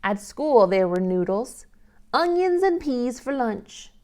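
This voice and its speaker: Slow sing-song storytime woman. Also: fairly high pitch, very animated. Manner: slow, gentle, sing-song with bird-call sounds. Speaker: children's librarian. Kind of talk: toddler storytime reading and singing. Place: library storytime recorded on camera.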